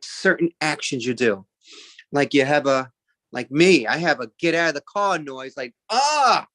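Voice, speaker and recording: A man's voice: fairly high pitch, a bit bright, dry recording. Rambling, chatty stand-up comic man. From Italian-American. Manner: rambling, chatty, full of fillers and asides. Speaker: stand-up comedian. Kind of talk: stand-up routine.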